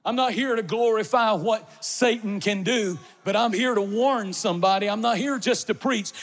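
A man with a high-pitched voice preaches a fervent sermon, dropping low and then climbing into shouts. His words ring through a big church hall with a long echo. He leans hard on repeated phrases. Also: moderate pace. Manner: impassioned, swinging from soft to shouted emphasis. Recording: long reverb of a large hall.

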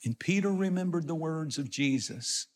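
A man's voice: on the high side, lively intonation, moderate pace, darkish tone, big-room sound. A man preaching a sermon, retelling scripture and explaining it in plain everyday words. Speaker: pastor.

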